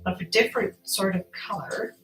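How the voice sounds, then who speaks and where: A woman's voice: mid-range voice, a little fast, fairly bright tone, faint music behind, low-quality recording. A woman, likely older, chatting her way through an art tutorial while hiccuping, rambling and laughing at herself. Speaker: artist. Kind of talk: casual craft tutorial.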